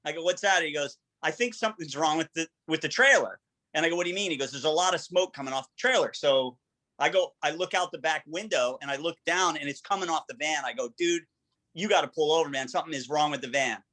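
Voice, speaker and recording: A man telling a long, energetic story over a video call, quoting what everyone said along the way. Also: on the high side, quick pace, rough recording. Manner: energetic, vivid storyteller who quotes dialogue. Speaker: guest. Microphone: video call microphone.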